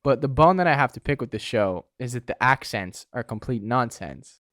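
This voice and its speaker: A man's voice: mid-range voice, animated, moderate pace, a bit bright, dry recording. Young male podcast co-host, easygoing filler-heavy chat, dry mic. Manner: laid-back, says "dude" and "like" a lot. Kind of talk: casual chat.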